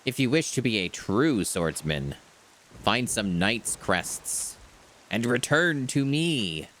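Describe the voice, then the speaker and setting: A man voicing a formal, polite male mail clerk from a video game, drawing out each word slowly. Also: mid-range voice, sing-song, fairly bright tone, voice pushed up, rough recording. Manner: slow, drawn-out, formal.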